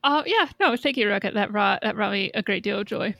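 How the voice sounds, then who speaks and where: A woman's voice: medium pitch, lively intonation, fast, creaky, a bit bright, dry recording, studio quality. A woman co-hosting a podcast in casual chat, amused and laughing easily. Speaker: podcast co-host.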